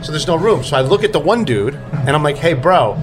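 A man telling a story in casual chat, animated and acting out the people he quotes. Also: a little high, fast talker. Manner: animated, acts out quoted voices.

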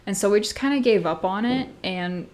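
Chatty twenty-year-old woman podcasting solo. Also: a little fast. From Missouri, US. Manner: chatty and animated, heavy use of "like," jumps up in pitch when excited. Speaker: podcast host. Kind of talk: solo casual podcast chat.

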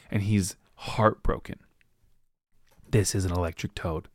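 Casual low-voiced podcast host. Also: male voice, steady tone, no echo, studio quality. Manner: rambling, acts out characters with quick voices. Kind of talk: casual book recap monologue.

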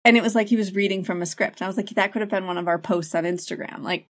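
A woman in her thirties, an early childhood educator, speaking candidly as an interview guest and telling lively stories with many "like" fillers. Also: mid-range voice, fast talker, few pauses. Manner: candid, animated storyteller who uses many "like" fillers. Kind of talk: casual interview talk.

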